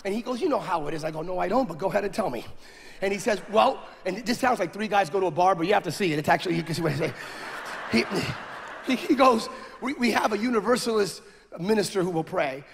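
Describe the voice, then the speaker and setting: Fast, gravelly high-voiced male preacher. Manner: animated, builds to shouting. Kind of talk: sermon storytelling. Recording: echoey hall with faint noise.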